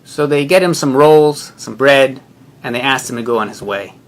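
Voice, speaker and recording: A young man who is a rabbinical student, telling a personal story in an earnest, measured and reflective way. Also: mid-range voice.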